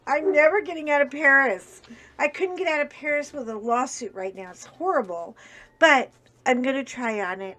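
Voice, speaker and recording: A woman's voice: fairly high pitch, fairly bright tone. A woman vlogger chatting casually to viewers while she works on a craft project, rambling along with self-deprecating humor.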